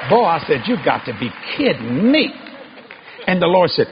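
A man preaching a sermon, telling stories in a folksy, animated way with laughing asides and bursts of loud emphasis. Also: fairly high pitch, moderate pace, crowd noise, background noise. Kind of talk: storytelling sermon. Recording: muffled lo-fi sermon recording.

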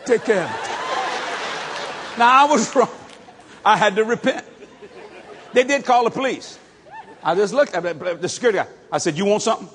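A middle-aged man from New Orleans, preaching a sermon as animated storytelling with shouted bursts and chuckles. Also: high voice, brisk, long pauses, some chatter behind, slight background noise. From New Orleans, USA. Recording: long hall reverb.

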